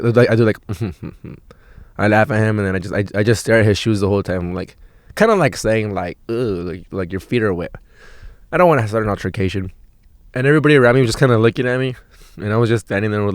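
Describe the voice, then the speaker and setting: A young man hosting a podcast and telling a story in a rambling, profane, excitable way, full of filler words. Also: lowish voice, no echo, studio quality. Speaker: podcast host.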